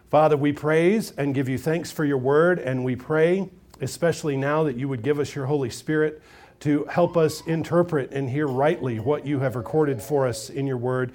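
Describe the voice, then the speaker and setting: Male pastor, slightly higher pitch, reads scripture and preaches conversationally. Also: darkish tone. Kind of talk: sermon with scripture reading.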